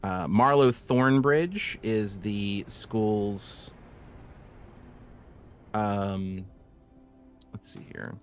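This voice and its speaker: A man's voice: fairly low pitch, extremely slow, long pauses, faint music behind. A man narrating as game master of a tabletop game, casual and rambling with frequent fillers.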